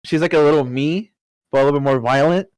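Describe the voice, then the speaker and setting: A man co-hosting a podcast in casual chat, joking and swearing, with sudden loud outbursts. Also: fairly high pitch, fast talker, no room sound, rough recording. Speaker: podcast co-host.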